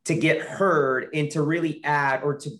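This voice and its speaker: A man's voice: fairly high pitch, steady tone, a little slow, a bit bright. A man hosting an interview podcast from his backyard, chatty and enthusiastic, with long setups before his questions. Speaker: podcast host. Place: outdoors in a backyard.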